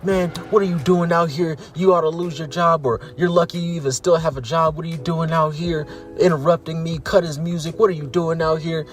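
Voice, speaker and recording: A man's voice: fairly high pitch, fairly even intonation, a little fast, recorded from a distance, soft background music, voice pushed up, natural voice. A man mimicking a cocky, scornful wrestler. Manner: taunting, scornful.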